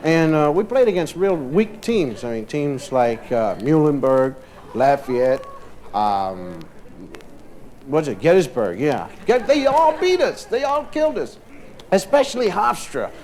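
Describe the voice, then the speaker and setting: A stand-up comedian with a voice on the high side tells a long comic story at a measured pace to a live audience, animatedly acting out both sides of the dialogue. Audience laughter fills the stage, captured on a vintage vinyl live recording with faint hiss.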